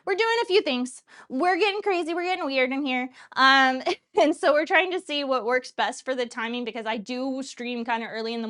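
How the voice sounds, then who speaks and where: Slightly high and a bit bright, this woman's voice carries a cooking livestream she hosts in her thirties. She rambles in casual chat and laughs a lot.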